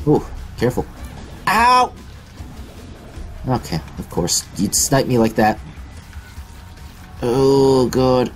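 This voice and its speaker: A man's voice: medium pitch, slow, pauses often, soft background music. Profane, self-mocking young male gamer. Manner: profane, self-deprecating, excitable yelps. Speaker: gaming video host. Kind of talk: let's play commentary.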